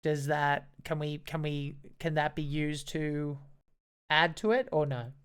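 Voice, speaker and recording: Low-voiced woman running a tabletop game. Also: measured pace, clean tone. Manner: chatty, hesitant with fillers, laughs easily. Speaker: game master.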